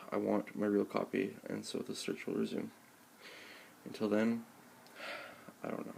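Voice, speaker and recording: A man's voice: lowish voice, fairly even intonation, a little slow, creaky, a little mellow, a little hiss or hum. A man filming himself at home with a handheld camera, ranting in an exasperated, sarcastic, profane way during an unboxing. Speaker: vlogger. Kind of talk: rambling unboxing rant.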